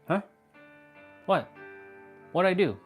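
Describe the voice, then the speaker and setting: A man's voice: high-pitched, expressive, takes it slowly, husky, faint music behind. A man chatting casually on a phone live stream, goofy and joking, poking fun at himself. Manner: goofy, joking, self-mocking.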